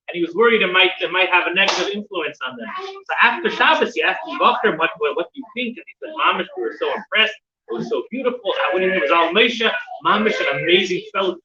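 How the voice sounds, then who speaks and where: A man with a high voice tells stories to a class, stumbling over repeated words and restarting his sentences. He sounds far from the mic in a roomy, echoing space. The sound is dull, and a crowd can be heard around him. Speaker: teacher giving a weekly class. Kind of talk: storytelling in a religious class. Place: room with a live audience. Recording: distant, dull, roomy with audience.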